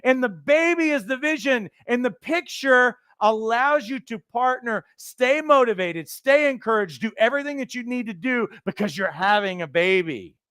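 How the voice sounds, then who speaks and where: A man giving an animated motivational teaching talk as a life coach trainer, acting out the voices he quotes. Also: very high voice, normal speed, hardly any pauses, clean tone, dry recording, clean studio sound.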